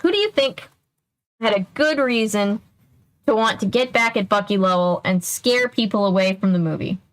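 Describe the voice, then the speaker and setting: A woman's voice: mid-range voice, moderate pace, lightly acted. A woman reading aloud, voicing a clever young female detective asking pointed questions. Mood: quizzing.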